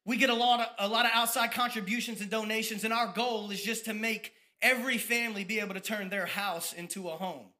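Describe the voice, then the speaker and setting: A man, giving a fired-up testimony sermon about his ministry, at times dropping to soft reflective tones. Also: high voice, steady tone, a little fast, few pauses. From Tampa, Florida. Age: 30s.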